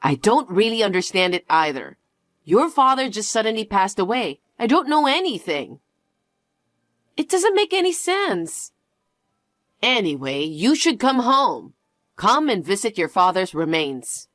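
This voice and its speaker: A woman voicing a frantic middle-aged mother who pleads, pushes and keeps repeating herself, in a lower, heavier register. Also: big pitch swings, measured pace, fairly bright tone, no echo, studio quality. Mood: pleading. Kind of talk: dialogue story acting.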